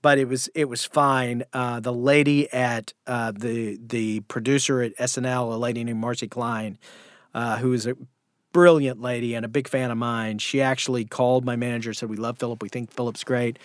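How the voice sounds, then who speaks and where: A man's voice: medium pitch, moderate pace, no room sound, clean studio sound. A man guest telling a story in a casual interview, acting out the voices of the people in it. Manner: animated anecdote telling with acted-out quotes. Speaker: guest comedian and actor.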